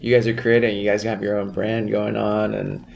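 A podcast host who asks questions in a supportive way and speaks haltingly, with many fillers. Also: medium pitch, little pitch movement, vocal fry, a little mellow, a little hiss or hum. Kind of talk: casual podcast interview.

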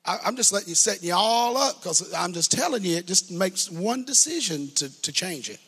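High-voiced husky preacher in a hall. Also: male voice, expressive, moderate pace, fairly bright tone. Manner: preaching with rising fervor, call-and-response asides. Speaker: pastor. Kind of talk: sermon. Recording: reverberant hall.

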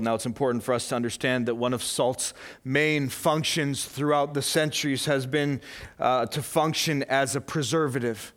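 A man's voice: mid-range voice, fairly even intonation, normal speed, fairly bright tone. A male pastor preaching a sermon, earnest and emphatic, building his points through repeated questions.

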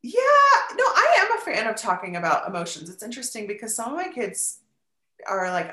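A woman's voice: medium pitch, sing-song, brisk, bright, forceful tone. A woman in her forties, a guest sharing parenting advice in a casual, earnest, talkative way. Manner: earnest, talkative, many "you know" fillers. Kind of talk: casual conversation. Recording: echoey room.

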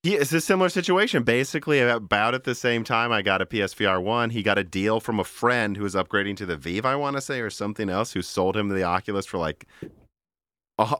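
A man's voice: fairly low pitch, smooth, no echo, clean studio sound. A man co-hosting a podcast, chatting casually and rambling about gaming gear with frequent laughs. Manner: rambling, animated, laughs often. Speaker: podcast co-host. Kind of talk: casual tech chat.

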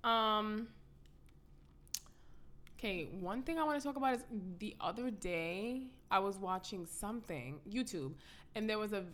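A woman's voice: mid-range voice, animated, unhurried, long pauses, a bit bright. A woman in her twenties co-hosting a podcast, chatting casually and venting bluntly, swearing freely. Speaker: podcast co-host. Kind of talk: casual chat.

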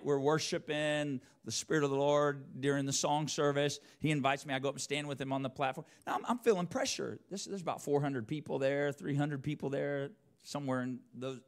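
A preacher telling a personal story in a church sermon, acting out both sides of the conversations. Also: male voice, medium pitch. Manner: animated, acts out both sides of dialogue. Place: church sanctuary.

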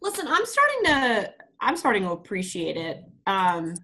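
A woman's voice: medium pitch, wildly swooping pitch, normal speed, sharp tone. A woman, the guest storyteller on a comedy podcast, talking in a playful, easygoing way. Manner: playful, laughs easily.

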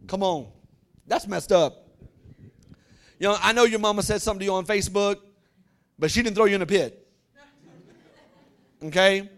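Gravelly high-voiced preacher man. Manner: lively storytelling, acting out characters in quick voices; colloquial, calls out to congregation. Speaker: pastor. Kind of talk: sermon.

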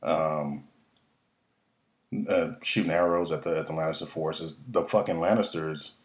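Male recap host, extremely low voice, profane, excitable, lots of ums and restarts. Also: a little slow. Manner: profane, excitable, rambling with many fillers. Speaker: podcast host recapping a TV episode. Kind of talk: casual TV episode recap.

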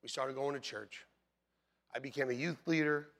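A man preaching a sermon, loud and animated, telling jokey stories about his marriage and calling out for amens from the congregation. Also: medium pitch, normal speed, vocal fry. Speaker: pastor. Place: church sanctuary.

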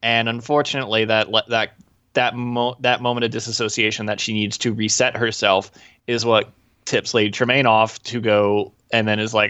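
A man's voice: on the low side, flat delivery, moderate pace, pushed and bright, smooth, no echo, dull audio. A man co-hosting a film podcast, talking in a thoughtful, hesitant way with restarts and fillers. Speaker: podcast co-host. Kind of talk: casual film discussion.

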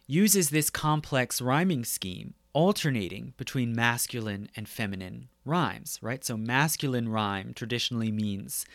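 A man with a mid-range voice delivers a literature lecture in a relaxed, conversational way, often pausing to check that his listeners are following. The sound is close and dry, with almost no room around it. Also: medium pitch, no echo. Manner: conversational, tags points with "right?". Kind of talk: academic lecture.

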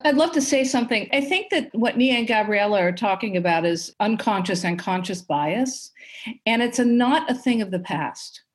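A woman's voice: medium pitch, expressive, normal speed. A woman composer and teacher on a panel, speaking in an emphatic, impassioned way. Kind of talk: panel discussion.

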